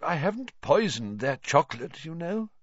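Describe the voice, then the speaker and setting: A man voicing a kind, calm male teacher with a gentle, gently wry manner, on a dull lo-fi recording. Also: on the high side, moderate pace, no echo, voice pushed up.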